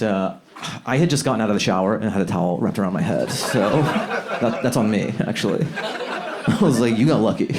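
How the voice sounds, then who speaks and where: A man doing a loose, chatty stand-up set on a comedy club stage, acting out characters in high squeaky voices and laughing at his own bits. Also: heavy background noise. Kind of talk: stand-up set trying new material. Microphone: handheld stage mic. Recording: live club with loud crowd laughter.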